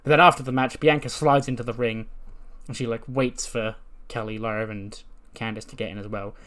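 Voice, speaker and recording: A man's voice: medium pitch, fairly even intonation, brisk, fairly bright tone. A man casually narrating a wrestling simulation playthrough like a story, with a chatty, filler-heavy delivery. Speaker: gaming creator.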